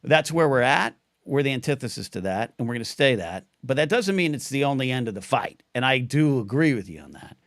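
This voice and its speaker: A man co-hosting a casual livestream talk show, talking fast and animated, restarting sentences and jumping in over his partner. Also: medium pitch, no echo, studio quality. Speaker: co-host.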